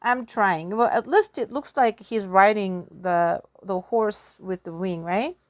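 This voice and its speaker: Slow, chatty woman teacher. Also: mid-range voice, no room sound, clean studio sound. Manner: chatty, giggly, self-deprecating. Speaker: language teacher. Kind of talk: casual storytelling lesson.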